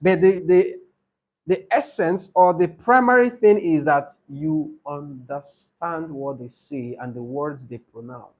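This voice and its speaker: Slow, high-voiced man teaching rules. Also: darkish tone. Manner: repeats key rules slowly for note-taking. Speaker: IELTS trainer. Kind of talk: classroom teaching. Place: training session room.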